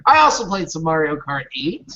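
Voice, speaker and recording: A man's voice: fairly high pitch, big pitch swings, bright, forceful tone. A man co-hosting a gaming podcast in casual chat, hesitant and full of ums. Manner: slow, hesitant, many ums, laughs easily. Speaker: podcast co-host. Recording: dull lo-fi audio with faint music.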